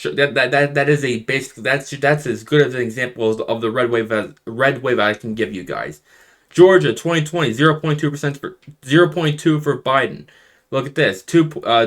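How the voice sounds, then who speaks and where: A young man talking casually through election results on a map, often restarting his sentences and stressing surprises with rising emphasis. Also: medium pitch. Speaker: political commentator.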